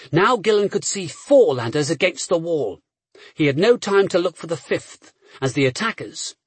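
A man's voice: a little high, slightly rough, no echo. A man reading a story aloud as an audiobook narrator with a dramatic, varied delivery.

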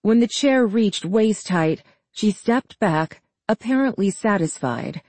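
Slow, steady audiobook narrator. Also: medium pitch, no room sound. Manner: steady, measured reading. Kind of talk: scripted narration.

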